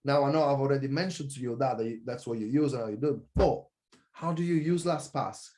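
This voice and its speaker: A man who coaches online business rushes through a fast, passionate sales pitch for his course, with frequent self-corrections.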